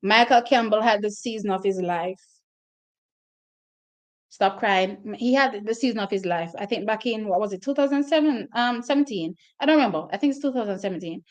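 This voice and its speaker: A woman's voice: mid-range voice, a little fast. A woman hosting her own track and field channel, talking casually and directly to her viewers about race results, openly emotional as she goes.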